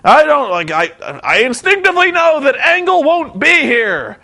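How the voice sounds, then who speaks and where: A man's voice: extremely high pitch, very animated, normal speed, gravelly, sharp tone, voice pushed up, heavily acted. A man voicing a cocky, oblivious male wrestler who talks in a smug, dismissive way.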